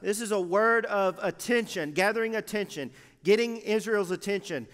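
High-voiced male preacher in a reverberant church. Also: fairly bright tone. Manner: emphatic preaching with measured pauses. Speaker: pastor. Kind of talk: sermon. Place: church sanctuary. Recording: long hall reverb of a church sanctuary.

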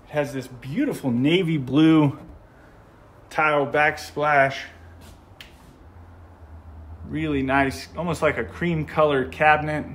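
A fairly high-pitched, slightly bright American man narrates an unhurried walkthrough of a model home while filming it. As a home tour vlogger, he is casual and gushes with enthusiasm.

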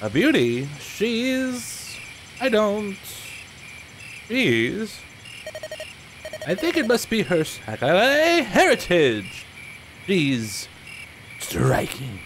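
A man reading as a polite young lord from a fantasy game, earnest and easily flustered. He speaks slowly with a lively rise and fall, over game music. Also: high-pitched, a little hiss or hum, voice pushed up, full character voice.

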